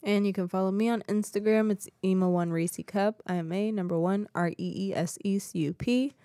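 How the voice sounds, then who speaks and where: A woman's voice: mid-range voice, a little fast, mellow, no echo, clean studio sound. A woman co-hosting a podcast, teasing her partner in a giggly, casual way. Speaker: podcast co-host.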